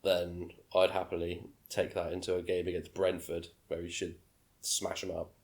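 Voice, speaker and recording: A man's voice: low voice, completely flat delivery, normal speed, darkish tone. A man co-hosting a casual podcast, giving his views in an offhand, matter-of-fact way. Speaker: podcast co-host. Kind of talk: casual chat.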